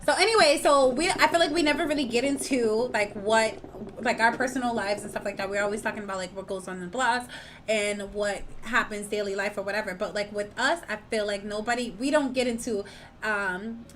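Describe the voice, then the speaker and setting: A woman's voice: medium pitch, fairly quick, slight background noise. A young woman co-hosting a podcast, telling a story in casual chat and acting out what people said. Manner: animated storytelling, acts out quotes loudly. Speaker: podcast co-host.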